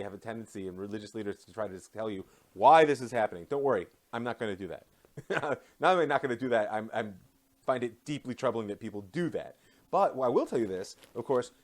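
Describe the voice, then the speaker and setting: A middle-aged man, a rabbi, giving an animated live online class with quick, self-deprecating asides. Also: medium pitch. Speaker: rabbi and teacher.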